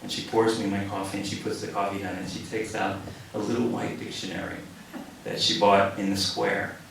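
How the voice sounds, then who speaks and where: Gravelly low-voiced man telling stories in an echoey cafe. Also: fairly quick, slight background noise. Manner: relaxed storyteller who acts out quoted lines. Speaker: poet. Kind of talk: poetry reading with spoken anecdote. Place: cafe reading room. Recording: echoey room from a distant mic.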